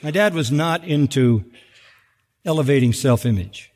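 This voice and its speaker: A man's voice: mid-range voice, expressive, a little slow, darkish tone, a little hiss or hum. A man preaching a sermon as pastor, emphatic and dramatic, acting out scripture with wry humor. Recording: long reverb of a large hall.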